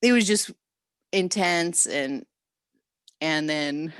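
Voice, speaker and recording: A woman with a lowish voice talks over a video call, recounting an experience in a rambling, emotional way. She halts and restarts often. The sound is dry and close, with no room to it. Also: lively intonation, slow, no room sound. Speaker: workshop participant.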